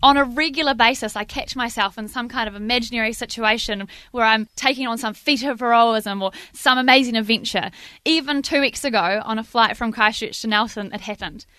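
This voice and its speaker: Brief: middle-aged NZ woman storyteller, lively and self-mocking, fairly high, dry close sound. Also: fairly quick, clean tone, no echo. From New Zealand. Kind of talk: spoken storytelling to a live audience.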